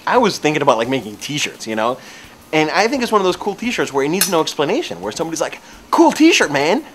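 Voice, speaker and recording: A man casually telling a comic story in an animated, rambling way, with lots of fillers. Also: on the high side, fast talker, a little hiss or hum.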